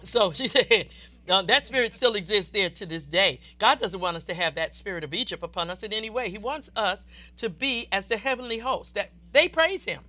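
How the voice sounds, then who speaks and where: A woman preacher delivering a fervent, exuberant sermon that swells into loud declarations. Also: mid-range voice, lively intonation, a little fast.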